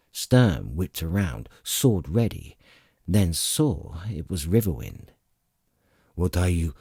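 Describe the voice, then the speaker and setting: Deep, husky male audiobook narrator. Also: no room sound, studio quality. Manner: dramatic, expressive storytelling. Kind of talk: scripted fantasy narration.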